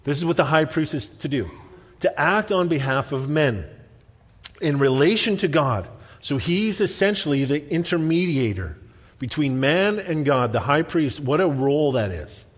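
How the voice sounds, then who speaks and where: A man's voice: a little high, expressive, normal speed, in a large hall. A man preaching a sermon in a conversational, self-deprecating storytelling way, speaking in a church sanctuary. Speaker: pastor.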